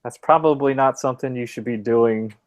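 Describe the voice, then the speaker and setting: A man's voice: mid-range voice, fairly quick. A young man on a podcast telling a long, rambling anecdote in casual chat, swearing freely and filling with "like.". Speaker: podcast co-host telling a story.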